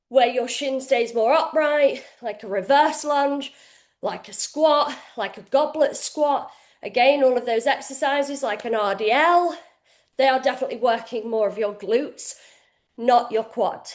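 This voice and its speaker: A woman coaching a workout live from her kitchen, breathless as she demonstrates moves. Her voice sits high and her talk is casual and energetic, with the odd swear word. The room gives it a noticeable echo. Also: a little slow. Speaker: fitness coach. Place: home kitchen, indoors.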